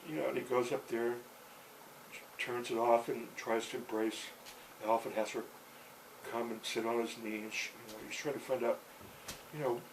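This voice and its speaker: An older man spins a story aloud in a halting, rambling way, full of fillers and restarts. His voice sits in an ordinary middle pitch. A faint noise hangs under the recording. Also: fairly even intonation.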